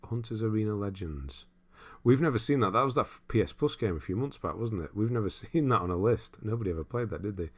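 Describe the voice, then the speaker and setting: A young man hosting a casual livestream, reading viewer comments aloud and thinking out loud in a rambling way with frequent chuckles. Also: fairly low pitch, expressive, quick pace. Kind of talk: casual live-stream chat.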